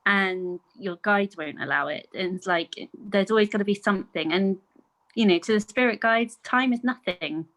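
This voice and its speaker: A woman's voice: mid-range voice, normal speed, fairly bright tone, poor audio. A middle-aged woman chats easily as a podcast guest. She tells her stories in a loose, conversational flow and acts out the quoted lines of others along the way. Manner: chatty, storytelling with acted-out quotes and laughs. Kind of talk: casual conversation.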